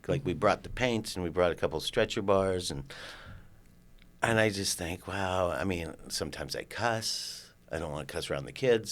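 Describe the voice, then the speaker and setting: An older man from California, a podcast guest telling a story in a casual, animated way, acting out the lines of people in it and swearing now and then. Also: deep voice.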